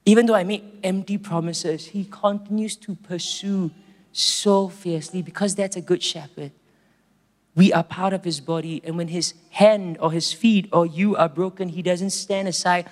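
A man with a Singaporean accent preaching a storytelling sermon, earnest and slowing down for emphasis. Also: high-pitched, steady tone. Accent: Singaporean English. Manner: earnest, slows down for emphasis, many restarts. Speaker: pastor. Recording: reverberant hall, faint music.

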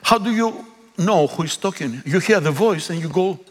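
A man whose first language is Greek, preaching a sermon in a church, pleading and rising to loud calls. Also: high voice, animated, normal speed, a little hiss or hum. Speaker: pastor. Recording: long echo of a big hall.

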